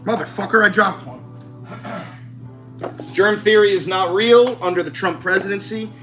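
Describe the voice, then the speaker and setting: A man's voice: sits high, fairly even intonation, moderate pace, sharp tone. A man chatting casually to camera while cooking in his home kitchen, swearing freely and joking in a brash, chatty way. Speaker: home cook vlogger. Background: music.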